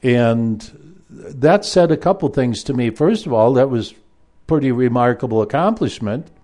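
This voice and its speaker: A man recounts a personal story in a loose, rambling way, full of fillers and restarts. His voice sits at a medium pitch with a mellow, warm color. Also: expressive, unhurried. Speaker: former university math lecturer.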